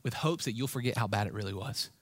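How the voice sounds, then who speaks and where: A man preaching a sermon in a conversational, lively way, talking straight to his listeners with asides and prompts. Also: mid-range voice, quick pace, dry recording, studio quality.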